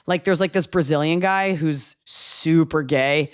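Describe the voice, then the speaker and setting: Low-voiced joking woman host. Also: unhurried, smooth. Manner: animated, jokey, acts out voices. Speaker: podcast host. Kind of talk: casual comedic chat.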